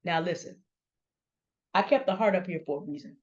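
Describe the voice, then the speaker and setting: A woman's voice: lowish voice, fairly quick, long pauses, a little mellow. Pointed middle-aged woman, dull sound. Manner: pointed, confrontational, addressing people by name. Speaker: commentary host. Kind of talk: direct-address commentary.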